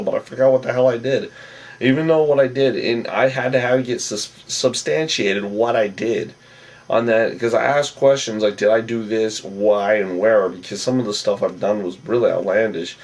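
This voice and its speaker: A man's voice: mid-range voice, darkish tone, far from the mic, rough recording. A man giving a rambling, casual recap of a reality show episode, full of asides and self-corrections.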